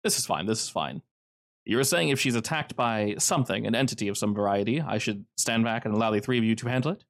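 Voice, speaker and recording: A man voicing a calm, formal husband who speaks in measured sentences. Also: fairly low pitch, no room sound, studio quality.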